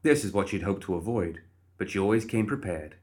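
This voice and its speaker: A man giving steady, measured storybook narration. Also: sits low.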